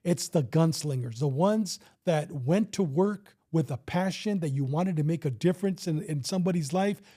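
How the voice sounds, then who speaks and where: A man's voice: on the high side, normal speed, mellow. A man in his fifties, a retired police officer, telling a story in a casual interview and acting out the dialogue with some swearing.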